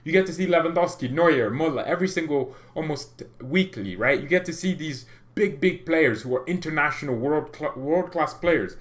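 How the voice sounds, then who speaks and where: A man hosting a football fan livestream, talking in a rambling, excitable way with lots of restarts. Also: on the high side, normal speed, hardly any pauses. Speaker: fan channel host.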